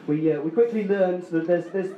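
A man's voice: high voice, moderate pace, dark tone, reverberant, highs cut off, slight background noise. A man telling a story on stage at a story slam, rambling and self-mocking with many restarts. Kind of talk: live storytelling.

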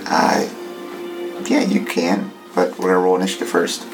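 A man's voice: sits low, flat delivery, normal speed, vocal fry, rough recording. A man narrating as game master in a casual tabletop game. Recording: music playing behind.

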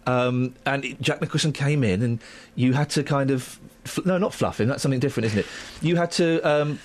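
A man's voice: medium pitch, fairly quick. A man hosting a breakfast radio show, chatty, teasing and sarcastic. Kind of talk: casual banter on radio. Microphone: studio microphone.

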